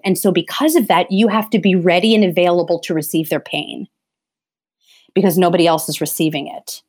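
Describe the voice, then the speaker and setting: Speaking in a fairly low, slightly mellow voice that runs a little fast, a woman answers as an interview guest. She's earnest, impassioned, and emphatic, frequently starting her sentences over as she converses.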